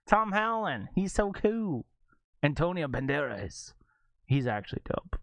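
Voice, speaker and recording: A man streaming a game live, ranting in casual chat and leaping between low mutters and high exclaims. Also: slow pace, long pauses, no echo. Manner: animated ranting, jumps to high exclaims and laughs.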